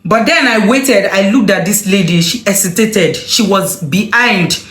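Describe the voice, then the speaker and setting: A woman telling a personal story to her viewers, animated and full of exclamations. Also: mid-range voice, a little slow, reverberant. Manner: animated, emotional retelling with exclamations. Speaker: vlogger. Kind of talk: casual storytelling to camera.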